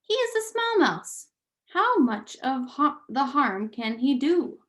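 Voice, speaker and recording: A woman's voice: very animated, slow, a bit bright, heavily acted. Antoinette, a woman putting on a haughty French mother mouse. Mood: dismissive. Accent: put-on French. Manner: haughty, exasperated, high-pitched.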